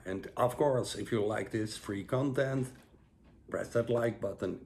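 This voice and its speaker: Low-voiced man teaching breathwork casually. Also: a little hiss or hum. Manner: relaxed, rambling, many fillers and restarts. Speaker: breathwork instructor. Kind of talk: casual guided breathing lesson.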